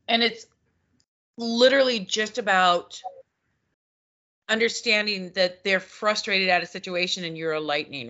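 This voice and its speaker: A woman co-hosting a podcast in casual chat, telling stories and acting out what people said. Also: medium pitch. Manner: animated storyteller, acts out quoted exchanges. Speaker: podcast co-host; former customer service manager. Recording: dull lo-fi audio.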